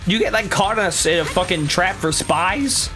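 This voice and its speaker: A man's voice: sits high, normal speed, bright, forceful tone, soft background music. A man streaming a game, reacting with crude jokes in casual commentary.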